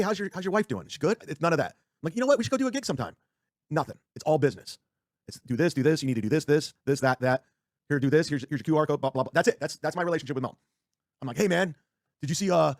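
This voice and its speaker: A man's voice: on the high side, no room sound, clean studio sound. A man ranting casually on a livestream, rambling, swearing often and restarting his sentences. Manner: rambling, profane, self-interrupting.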